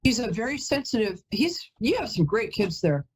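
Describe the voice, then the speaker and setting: A woman's voice: fairly high pitch, sing-song, moderate pace, husky, low-quality recording. A woman hosting a live call-in psychic reading, chatty and emotional, who often breaks off mid-sentence to apologize. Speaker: psychic medium host.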